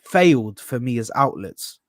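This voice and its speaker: A man's voice: medium pitch, measured pace, dry recording, studio quality. A man hosting a football reaction panel in casual, slangy chat. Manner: animated, slangy, says bro a lot. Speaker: channel host.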